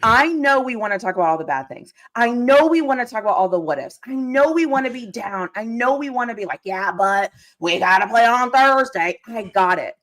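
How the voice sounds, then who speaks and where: A woman co-hosting a live sports stream, ranting with excitement and emphasis. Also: fairly high pitch, fast, few pauses. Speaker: guest co-host.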